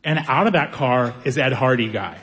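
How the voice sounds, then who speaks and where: A man doing stand-up comedy, telling a story in an animated way and acting out the people in it. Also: mid-range voice, normal speed. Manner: animated, acts out characters' voices.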